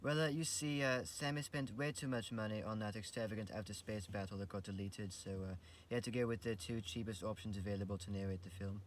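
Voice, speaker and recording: A man's voice: lowish voice, fairly even intonation, a little fast, hardly any pauses, slight background noise, natural voice. A man playing a prim, formal male assistant who stammers politely and snaps when exasperated. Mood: hesitant.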